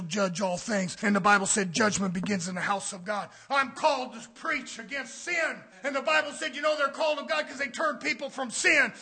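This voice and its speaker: A male preacher delivering a fiery sermon in a church, blunt and confrontational, swinging from shouting to hushed near-whispers. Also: sits high, husky. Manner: blunt, confrontational, repeating phrases.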